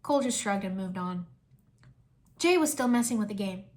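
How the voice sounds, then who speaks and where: A woman reading a fan fiction story aloud in a lively storytelling manner. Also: mid-range voice, normal speed.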